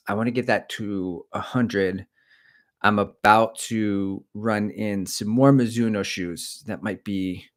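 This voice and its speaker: Low-voiced middle-aged man, rambling livestream chat. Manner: rambling, opinionated, chatty. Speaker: running coach and channel host.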